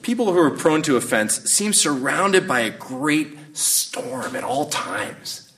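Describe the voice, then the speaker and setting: A man's voice: a little high, sing-song, a bit bright. Male pastor preaching, slightly off-mic. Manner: conversational, reflective, halting with restarts. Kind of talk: sermon. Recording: voice a bit distant from the mic.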